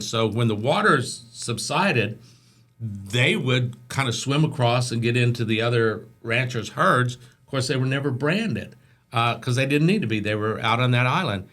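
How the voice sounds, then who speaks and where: A man guest on a podcast, telling stories in a chatty, animated way and acting out the voices of the people in them. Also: medium pitch. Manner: chatty, animated storyteller who acts out voices in anecdotes. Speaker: interview guest. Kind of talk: casual storytelling.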